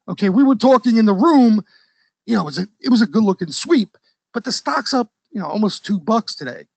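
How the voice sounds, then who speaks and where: Host: high-pitched man, casual trading commentary, keeps asking "okay?", dry close sound. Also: animated, brisk, gravelly, a little mellow, no echo, low-quality recording. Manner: conversational, frequent "okay?" checks, loose trader slang. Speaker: stock trading educator and host. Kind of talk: casual market commentary to a live audience.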